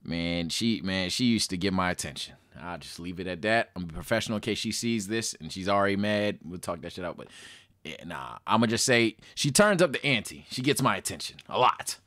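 Animated young man telling a storytime. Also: low-pitched, brisk. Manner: animated, swearing, talks to chat. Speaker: storytelling streamer. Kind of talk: casual storytime monologue.

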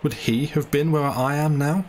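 A man's voice: a little high, steady tone, normal speed, darkish tone, a little hiss or hum, voice pushed up, natural voice. A man voicing a frightened young male medical student who protests in anguished, pleading outbursts.

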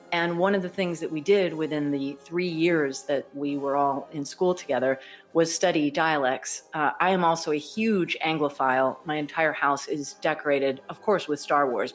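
A woman voice actor chatting enthusiastically as a podcast guest, laughing often. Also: deep voice. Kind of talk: casual podcast interview.

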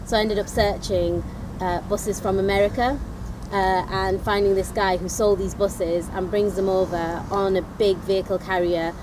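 A woman, a project manager, calmly recounting in a casual outdoor chat. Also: mid-range voice, moderate pace. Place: outdoors by a bus. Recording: outdoor chat with crowd noise.

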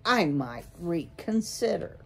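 A woman's voice: fairly low pitch, big pitch swings, takes it slowly, vocal fry, husky, full character voice. A woman reading a storybook aloud, voicing a bossy, menacing male owl who demands and screeches impatiently. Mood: demanding.

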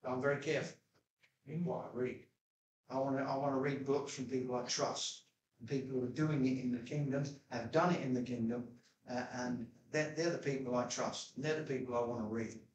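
A man preaching a sermon as pastor, telling stories in a chatty way and jumping high in pitch when he quotes himself. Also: steady tone, brisk, a little hiss or hum. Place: church hall. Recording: echoey church room, mic at a distance.

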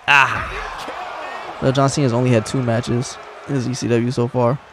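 A man giving casual, excitable commentary while playing a wrestling video game, teasing and talking to the characters on screen. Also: medium pitch, slow, background noise. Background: game music.

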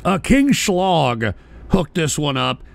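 A streaming host with a high, wildly swinging voice, spitting out curses and sarcastic jabs. He flares from grumbling into outright shouting at a moment's notice, his tone gravelly throughout. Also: very animated, takes it slowly. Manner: profane, combative ranting, bursts into shouting; sarcastic asides. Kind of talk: live-stream commentary.

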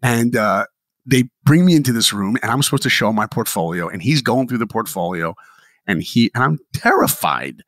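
A man who is a podcast guest, telling motivational stories in an animated and enthusiastic way. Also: fairly low pitch, normal speed, no echo, studio quality. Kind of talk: motivational storytelling.

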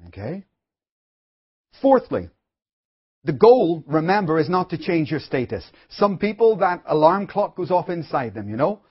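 A man's voice: a little high, slightly rough. A man preaching a sermon as pastor, telling stories with chatty asides to his congregation. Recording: dull lo-fi recording.

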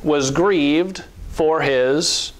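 A male pastor preaching a sermon in an earnest, conversational way, with fillers and soft chuckles. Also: a little high, drawn-out words, a little hiss or hum.

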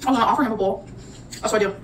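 A woman's voice: on the high side, very fast, recorded from a distance. A woman rambling chattily to her viewers in a casual cooking and eating vlog. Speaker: vlogger. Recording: noisy audio from off-mic.

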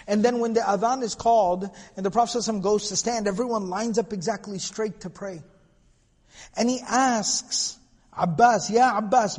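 Lecturer, man, higher voice, husky tone, storytelling style, hall reverb. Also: darkish tone. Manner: storytelling with Arabic quotes, casual asides. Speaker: lecturer on prophetic biography. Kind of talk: recorded lecture.

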